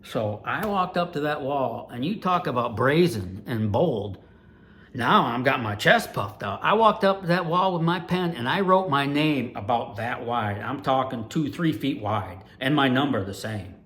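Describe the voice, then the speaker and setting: Older man, sixties, from Ohio, lively storyteller, big swings in volume, mid pitch. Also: a little slow. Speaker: retired dirt track race announcer, channel host.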